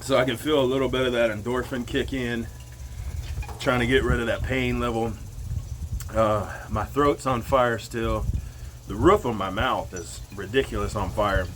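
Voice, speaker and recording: A man vlogging casually to the camera while his mouth burns, eyes watering and nose running, talking slowly and breaking into loud whoops. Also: mid-range voice, fairly even intonation, a little hiss or hum.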